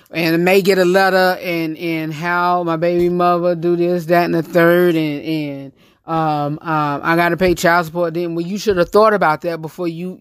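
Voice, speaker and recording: A man's voice: high voice, clear, resonant tone, dry recording, clean studio sound. A man with a Southern US accent hosting a casual talk segment, speaking bluntly and rambling with many restarts. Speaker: host.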